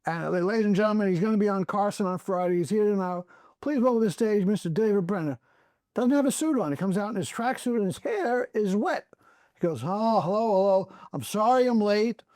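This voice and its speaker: A man with a notably high voice tells anecdotes as a podcast guest, acting out everyone in his stories. The sound is close and dry, with no room around him. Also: fairly quick, no echo. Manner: animated storyteller acting out other people's lines. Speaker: comedy club owner and guest.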